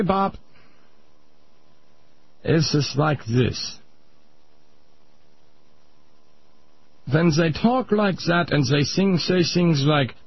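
A man's voice: on the high side, husky, full character voice. A man voicing a pompous older Viennese psychiatrist in a radio comedy bit, lecturing in a thick mock-German accent. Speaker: comedy sketch character. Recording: muffled radio broadcast.

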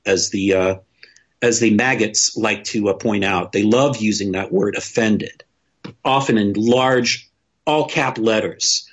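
A man's voice: on the low side, animated, normal speed, breathy edge, muffled recording. A man talking in a casual podcast discussion, opinionated and blunt, swearing freely and restarting his sentences often.

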